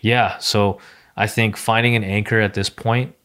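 A low-pitched man in his thirties chats loosely on a podcast. He circles his points and starts sentences over and over, with plenty of fillers, in an unscripted, relaxed way. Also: measured pace. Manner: rambling, many restarts and fillers. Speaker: podcast host. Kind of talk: casual conversation.

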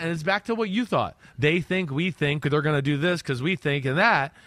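A middle-aged man from New York breaking down football plays in a casual, animated way, sometimes shouting as he relives the action. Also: on the high side, no echo. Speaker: football analyst co-host. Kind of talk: casual sports film breakdown.

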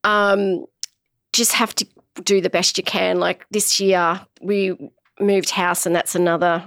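A woman's voice: on the low side, unhurried, no echo, studio quality. A middle-aged woman from Australia, a business founder, talking earnestly as a podcast guest and acting out what others said. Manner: earnest, animated storytelling, quotes herself and others. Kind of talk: casual interview chat.

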